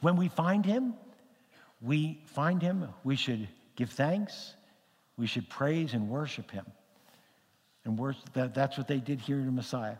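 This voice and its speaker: A man preaching to his congregation, telling stories and acting out conversations with lively energy. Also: fairly high pitch, long reverb tail. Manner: animated storyteller, acts out dialogue. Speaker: pastor. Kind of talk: sermon with storytelling. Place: congregation hall.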